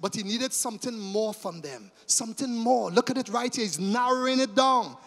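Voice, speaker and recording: A man preaching in a church with a long, ringing echo. His voice sits very high for a man. He tells the story dramatically, dropping to a hush and then rising to a shout. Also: expressive, normal speed. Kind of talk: sermon.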